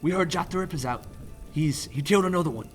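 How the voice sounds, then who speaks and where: A man voicing a brusque adult police constable, gruff but reassuring. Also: fairly high pitch, quick pace, faint music behind, voice pushed up, lightly acted.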